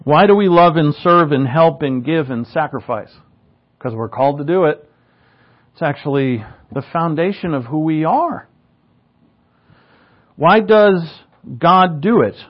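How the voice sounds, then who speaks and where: A man's voice: on the high side, expressive, normal speed, lo-fi sound. A man preaching a sermon in a conversational way, firing rhetorical questions and slipping in humorous asides. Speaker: pastor.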